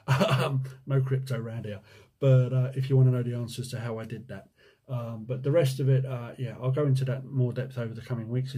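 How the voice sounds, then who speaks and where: Relaxed, husky man with a Jersey accent. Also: medium pitch. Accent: Jersey, mixed with time in the USA. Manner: chatty and joking, reads questions aloud, hums while scrolling. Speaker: window cleaning business owner answering viewer questions. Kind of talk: casual Q&A vlog.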